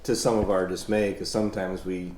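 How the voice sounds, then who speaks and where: A man's voice: low-pitched, fairly even intonation, brisk, a little mellow. A young man hosting his farm vlog, chatting in an easygoing, folksy way indoors at a family house. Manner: easygoing, folksy, rambling with restarts. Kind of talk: casual chat. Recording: roomy indoor sound with faint noise.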